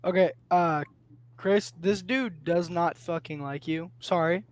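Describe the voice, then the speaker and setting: A man with a high voice plays in a tabletop game. He sounds laid-back and jokey, chatting casually with the table. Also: a little slow. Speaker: player.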